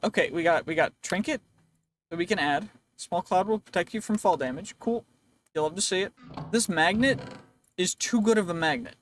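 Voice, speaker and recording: A man's voice: high voice, normal speed, a little hiss or hum. A man hosting a let's play, talking to himself in a rambling, playful way as he goes, his voice a bit worn. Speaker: gaming channel host.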